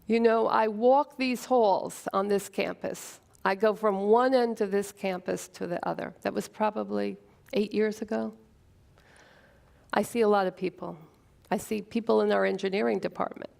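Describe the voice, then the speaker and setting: A woman telling a personal story on stage, earnest and emotional, with dramatic pauses. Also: mid-range voice, steady tone, gravelly, darkish tone. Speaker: speaker at a short talk event.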